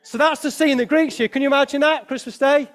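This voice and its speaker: Lively man giving a children's talk. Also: very high voice, fast. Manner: lively, addresses children with questions. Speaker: preacher at a family Christmas service.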